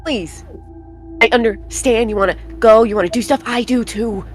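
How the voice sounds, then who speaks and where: A woman's voice: on the high side, moderate pace, soft background music. A woman playing her character at a tabletop game, speaking earnestly and swearing casually. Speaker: player.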